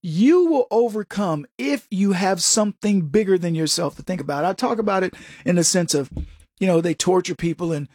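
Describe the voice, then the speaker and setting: A man's voice: high voice, normal speed, darkish tone, dry recording, studio quality. A middle-aged man hosting a show, giving an opinionated, sarcastic and preachy monologue to listeners he calls folks. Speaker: political commentary host.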